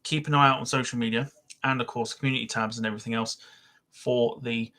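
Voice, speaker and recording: A man's voice: mid-range voice, fairly even intonation, fast, bright, forceful tone. A man hosting a live aviation podcast stream, chatting loosely with lots of fillers while reading out viewer messages. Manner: chatty, rambling with many fillers. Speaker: podcast host.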